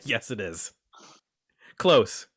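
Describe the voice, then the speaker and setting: Man, podcast host, casual roundtable chat, chatty, self-deprecating, mid-pitched voice. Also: sing-song, very slow, vocal fry, sharp tone, husky.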